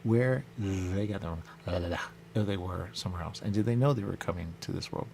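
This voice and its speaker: Deep gravelly man rambling on radio. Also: a little fast, mellow, slight background noise. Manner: loose, repetitive, musing, keeps saying "there you go". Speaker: radio show host. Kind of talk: rambling monologue.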